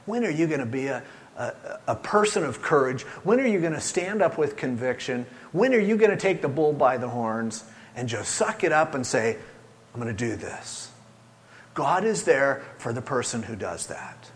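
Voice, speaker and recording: Older male pastor, sermon delivery, expressive rising and falling voice, pushes hard then drops to a hush. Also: moderate pace. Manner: animated, swinging from loud urging to hushed low tones.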